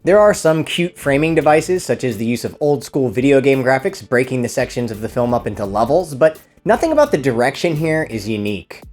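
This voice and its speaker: A man reads a scripted comedic film review in a middle-pitched voice. His delivery is dry and sarcastic. Faint music runs under his narration. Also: expressive, fairly quick, hardly any pauses, darkish tone.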